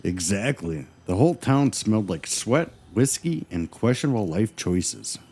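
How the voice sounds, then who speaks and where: This podcast co-host, a man, speaks a little slowly in a fairly low, husky voice with lively intonation. Through the scripted banter he cracks goofy jokes and wisecracks about the story, with loud joke yells.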